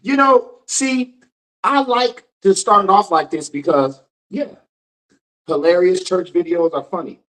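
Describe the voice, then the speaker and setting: A man's voice: high voice, a little slow, fairly bright tone, rough recording. Male host, emphatic commentary rant, calls people out, repeats himself for emphasis. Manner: emphatic, calling out, repeats lines for effect.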